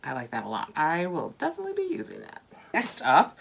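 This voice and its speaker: An older woman talks through an unboxing in a relaxed, chatty way, gushing over each item. Her voice sits a little low in pitch. Now and then she drops to a soft whisper. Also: a little fast, gravelly, breathy edge. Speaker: vlogger unboxing products. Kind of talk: casual unboxing chat.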